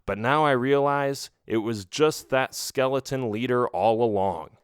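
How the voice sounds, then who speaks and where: A man's voice: mid-range voice, unhurried, smooth, no room sound. A man narrating a children's audiobook in the first person, reading expressively into a close mic.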